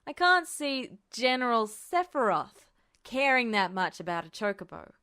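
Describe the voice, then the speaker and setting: A woman's voice: a little high, big pitch swings, unhurried, pushed and bright, clear, resonant tone, pitched above the performer's own voice, full character voice. Woman doing a sly drawling man. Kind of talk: audiobook character voice.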